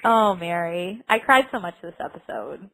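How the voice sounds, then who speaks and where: A woman's voice: fairly low pitch, animated, moderate pace, a bit bright, rough recording. A woman co-hosting a podcast, chatting with enthusiasm and frequent giggles about a TV episode. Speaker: podcast co-host. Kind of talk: casual chat recapping a TV episode.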